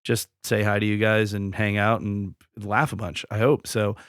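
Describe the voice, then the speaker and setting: A man's voice: lowish voice, level tone, normal speed, no echo, clean studio sound. A man co-hosting a casual podcast, talking in a laid-back, rambling way with filler words. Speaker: podcast co-host.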